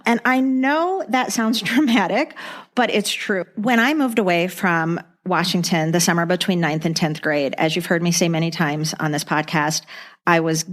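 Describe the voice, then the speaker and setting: Lower-voiced earnest woman co-host. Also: normal speed. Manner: earnest and reflective, with short affirming interjections. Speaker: podcast co-host. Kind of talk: casual podcast chat.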